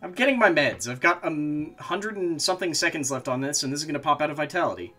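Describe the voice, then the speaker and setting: Bright-voiced man streaming a game. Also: a little high, animated, quick pace, faint music behind. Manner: talks to himself, swears, frustrated outbursts. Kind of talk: casual gameplay commentary.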